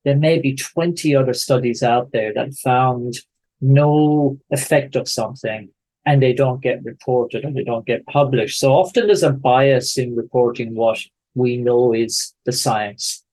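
A man in his forties with an Irish accent, a podcast guest who talks in a measured, explanatory way. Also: medium pitch, darkish tone. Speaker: guest researcher. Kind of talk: podcast conversation. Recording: faint music behind.

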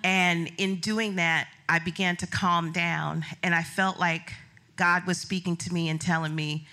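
A middle-aged woman shares a story from a live stage, animated and quick to laugh, slipping into other people's voices. Her voice is bright and forward, set a bit low. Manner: animated storyteller, acts out quotes, laughs often. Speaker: business founder telling a story on stage.

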